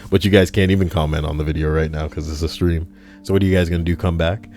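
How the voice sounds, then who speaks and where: A man's voice: low voice, fairly even intonation, fast, a little mellow, faint music behind. A man casually reading online stories on a livestream, rambling and joking with crude, profane asides. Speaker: YouTube reader and streamer. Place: home recording room.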